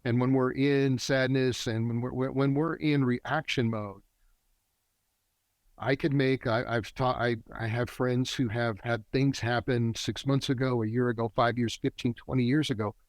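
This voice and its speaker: A man's voice: mid-range voice, steady tone, no echo. A middle-aged man, a men's work facilitator, talking as a guest in a reflective interview in an earnest, teaching tone. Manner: earnest, teaching tone that speeds up and slows down. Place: a warm, quiet spot with a generator running nearby.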